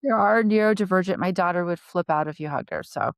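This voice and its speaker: Female co-host, middle-aged, low-ish gentle voice, caring practical manner, dry sound. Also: fast, creaky, dry recording. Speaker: podcast co-host. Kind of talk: casual panel discussion.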